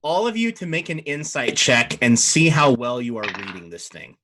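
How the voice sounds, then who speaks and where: Bright-voiced man narrating a game. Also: medium pitch, very animated, normal speed, a little hiss or hum. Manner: rambling, with frequent fillers and restarts. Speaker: dungeon master. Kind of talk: improvised tabletop game narration.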